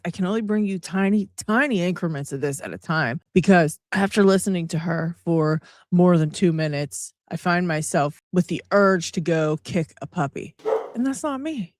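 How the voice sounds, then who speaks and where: A woman's voice: lowish voice, dry recording, studio quality. A woman hosting a reaction video, talking to viewers with exasperated, sarcastic commentary. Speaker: commentary channel host.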